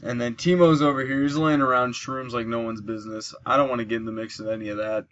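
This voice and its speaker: At a quick pace, a medium-pitched male gamer chats his way through a let's play, breaking down mechanics and cheering his kills in excited bursts. He sounds sleepy and yawns, and the recording lacks high frequencies.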